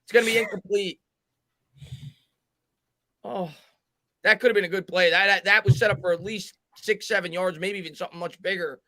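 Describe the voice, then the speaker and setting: A man hosts a live sports stream, calling plays and reading out viewer comments. His voice is high and bright. The sound is dry and close. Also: steady tone, no room sound. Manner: fast commentary, reads viewer chat aloud, halting restarts. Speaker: host doing play-by-play.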